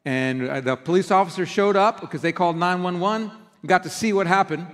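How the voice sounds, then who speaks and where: Pastor, middle-aged man, chatty storytelling sermon with lively acted-out lines, higher voice, long church reverb. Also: fairly quick. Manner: conversational storytelling with animated quoted outbursts. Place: church sanctuary.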